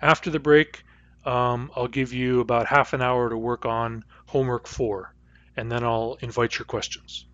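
Speaking at a normal rate in a level, mid-range voice with a touch of brightness, a linguistics lecturer from the North American West Coast patiently demonstrates sounds by saying them out loud. There's no room sound at all; it's a dull, dry lecture recording.

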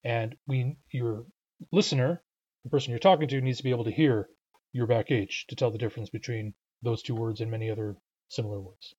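A man gives a patient, methodical pronunciation lesson, often pausing with filler sounds. His voice is a bit husky at a middling pitch. The recording sounds slightly dull and lo-fi. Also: fairly even intonation, darkish tone. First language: English. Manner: patient, explanatory, frequent uh fillers. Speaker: language teacher.

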